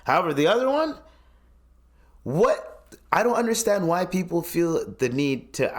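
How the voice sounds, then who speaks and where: A man's voice: high-pitched, measured pace, long pauses. A man hosting a podcast, ranting in casual commentary, incredulous and swearing often. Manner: animated, swearing, incredulous rants. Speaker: podcast host.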